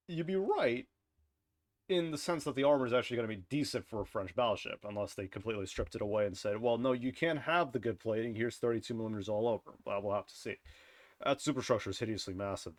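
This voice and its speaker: A man's voice: lowish voice, no echo. A man casually reviewing a game's dev blog, rambling and offhand, often correcting himself mid-sentence and chuckling at his own jokes. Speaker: game content creator reviewing a dev blog. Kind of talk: casual commentary over screen content.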